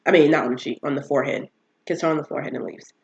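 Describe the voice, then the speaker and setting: A woman hosting a casual solo podcast, talking in a chatty, animated way with many fillers and restarts. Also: deep voice, racing, dull audio. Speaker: podcast host.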